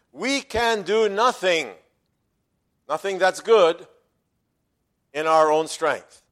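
A man delivering a sermon as pastor, his voice sitting a little high for a man. He preaches emphatically, falling quiet for side remarks and swelling loud when he quotes a verse.

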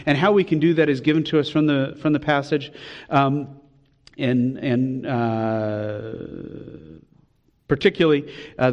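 A man's voice: mid-range voice, in a large hall. A man preaching a sermon, earnest and heartfelt, his voice rising with emphasis as he makes his points. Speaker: pastor. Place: church sanctuary.

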